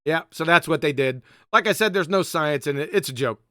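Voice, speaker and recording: A man's voice: a little high, animated, a little fast, fairly bright tone, no room sound, clean studio sound. Mocking man hosting a live stream. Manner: mocking, emphatic, addresses viewers. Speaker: host. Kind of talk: live online discussion.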